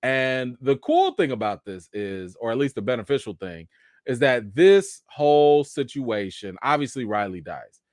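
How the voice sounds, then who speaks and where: Animated man chatting casually. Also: medium pitch, moderate pace, no room sound, studio quality. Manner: animated, joking, loose slangy talk. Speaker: TV show reaction host. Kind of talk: casual live-stream chat.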